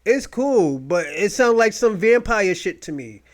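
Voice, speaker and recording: A man hosting a podcast, talking in loud, rambling, mocking rants full of profanity. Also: high voice, very animated, measured pace. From United States. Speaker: podcast host. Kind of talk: profane casual commentary.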